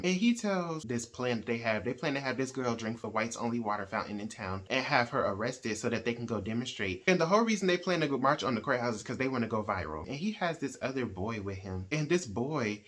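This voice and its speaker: A man hosting a reading channel, casually retelling a novel's plot in a chatty, animated way and acting out the characters' lines. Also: medium pitch, brisk, hardly any pauses. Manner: animated storyteller who acts out quoted characters; conversational, with frequent "like" and "right?".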